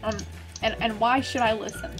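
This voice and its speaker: A woman's voice: a little high, fairly even intonation, moderate pace, music in the background. A woman playing a video game and chatting casually, giggly, playful and self-mocking as she builds and talks to a friend. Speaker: gaming YouTuber and server moderator.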